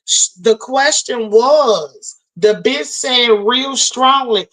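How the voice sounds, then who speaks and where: Bright high-voiced woman ranting to chat. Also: takes it slowly, low-quality recording. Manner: profane, heated, animated storytelling. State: tipsy from drinking. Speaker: livestream host. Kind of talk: casual livestream rant to chat.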